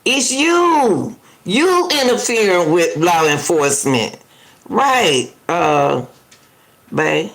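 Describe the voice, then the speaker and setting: A woman with a lowish, gravelly voice speaks extremely slowly, her pitch swinging widely. Reacting live to a news clip, she indignantly argues back and repeats herself, all while casually and talkatively addressing her viewers.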